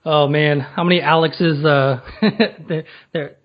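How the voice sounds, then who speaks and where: A man's voice: fairly high pitch, steady tone, slow pace, muffled recording. A man hosting a podcast interview, asking loose, rambling questions full of fillers. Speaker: podcast host. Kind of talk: casual interview.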